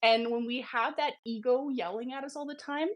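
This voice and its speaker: A woman guest in a casual interview, explaining with earnest, gentle warmth, her throat slightly sick. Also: fairly high pitch, fairly even intonation, fairly quick.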